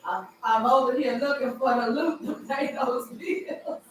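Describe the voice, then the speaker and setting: Animated woman, echoey and off-mic. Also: a little slow, slight background noise. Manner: animated, swinging between loud outbursts and low murmurs; flirtatious, teasing. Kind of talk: casual livestream chat. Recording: echoey room, far from the mic.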